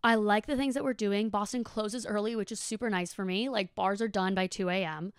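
A woman's voice: mid-range voice, fairly even intonation, fairly quick, smooth, no echo, clean studio sound. A young woman hosting a podcast, telling a story in a chatty, casual way with lots of fillers and swearing. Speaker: podcast host. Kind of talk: casual monologue.

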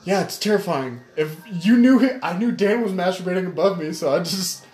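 A man with a fairly high voice tells a crude, joking story in casual podcast chat. His voice bounces around an echoey room. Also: a little fast, a little mellow. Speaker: podcast co-host.

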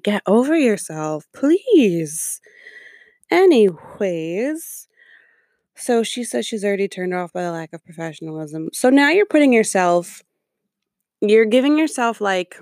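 A woman's voice: mid-range voice, darkish tone, no room sound. Woman reading out a review then cussing about it, super sarcastic, dry sound. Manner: sarcastic, profane, exasperated asides. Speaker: commentator reacting to a review. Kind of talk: reading aloud and ranting commentary.

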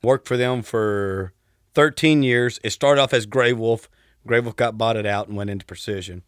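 A man's voice: mid-range voice, normal speed, smooth, no room sound, clean studio sound. A man in his thirties from Texas with a Southern accent, telling stories as a podcast guest in an easygoing, polite way. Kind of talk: casual storytelling.

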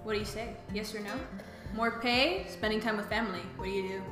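A woman's voice: mid-range voice, fairly even intonation, a little fast, roomy sound, music in the background. A young woman hosting a casual podcast chat, upbeat and giggly. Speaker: podcast host.

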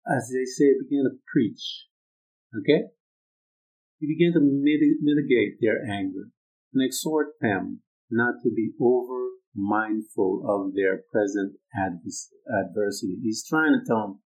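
A male preacher gives an emphatic sermon, repeating his points and shifting between loud urging and quiet, low stretches. The audio quality is poor.

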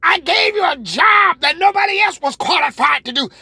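High, bright-voiced shouting woman preacher. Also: animated, normal speed, vocal fry, no room sound. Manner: shouting, call-and-response preaching. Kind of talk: sermon.

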